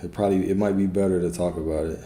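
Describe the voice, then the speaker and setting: A man's voice: sits low, steady tone, racing, mellow. A man teaching on a livestream and answering his chat in a laid-back way, often repeating himself and checking in with "right?". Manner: repetitive, checks in with frequent "right?". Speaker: spiritual coach and streamer. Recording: roomy sound with faint background noise.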